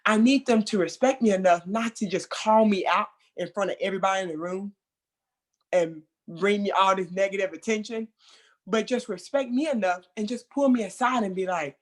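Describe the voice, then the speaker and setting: A children's center worker talks informally on a video call about training, drawing on her own experience. She speaks at a moderate pace in a medium pitch, animated and chatty, leaning heavily on fillers such as "like."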